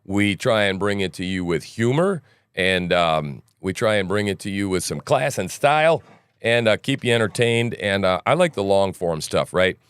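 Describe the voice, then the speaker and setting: Male host, casual livestream commentary, morning voice, rambling, low and smooth. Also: animated, moderate pace, fairly bright tone, dry recording. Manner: rambling, frequent "right?" asides, joking. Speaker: news commentary podcast host.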